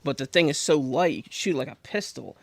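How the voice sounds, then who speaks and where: A man from Pennsylvania telling a rambling, animated story as a podcast guest, full of restarts. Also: on the high side, a little fast, gravelly, dry recording. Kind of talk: casual storytelling.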